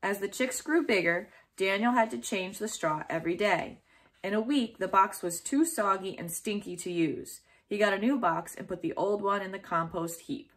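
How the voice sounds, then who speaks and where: A woman reading a children's chapter book aloud in a gentle, steady storytelling manner. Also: mid-range voice, moderate pace.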